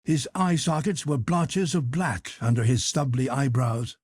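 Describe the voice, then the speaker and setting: A man narrating an audiobook in a measured, even storytelling manner. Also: fairly high pitch, no echo, clean studio sound. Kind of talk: scripted narration.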